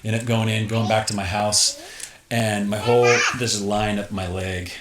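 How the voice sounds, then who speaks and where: A man's voice: fairly low pitch, flat delivery, moderate pace. A middle-aged man telling a personal story in a casual interview, acting out scenes with gasps and exclamations. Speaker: guest. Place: tipi. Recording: roomy echo, faint noise.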